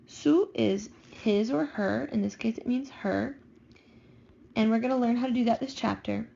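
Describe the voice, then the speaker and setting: A woman teacher calmly talking students through vocabulary slides, slowing down on new words. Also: a little high, creaky, muffled recording, a little hiss or hum. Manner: patient, slows down for vocabulary. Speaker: Spanish teacher. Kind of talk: recorded classroom lesson over slides.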